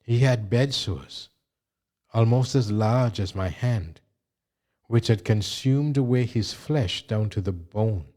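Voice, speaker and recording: Slow, low, mellow male reader. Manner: slow, measured, even reading. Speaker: audiobook reader. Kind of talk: scripted memoir narration.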